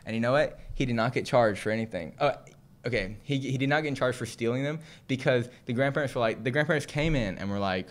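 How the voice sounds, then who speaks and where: A young man from Southern California co-hosting a podcast, telling a funny story in a lively way, laughing and acting out the people in it. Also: mid-range voice, fast. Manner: animated, laughing, acts out the people in his story. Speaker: podcast co-host. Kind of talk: casual storytelling.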